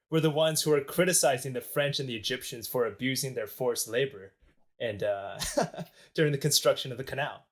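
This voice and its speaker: Joking young man on a history podcast. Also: on the high side. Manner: joking, rambling, lots of fillers. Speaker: podcast co-host. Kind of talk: casual history podcast storytelling.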